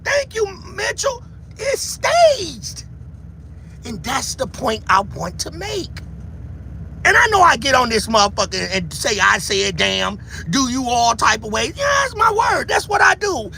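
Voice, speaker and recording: A man rants at full volume on a livestream, shouting and taunting in a very high, gravelly voice. His pitch swings wildly from line to line, and a faint hiss of noise sits behind him. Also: wildly swooping pitch, unhurried. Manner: loud, shouting, taunting, catchphrase-heavy. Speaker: livestream commentator. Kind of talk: heated livestream commentary.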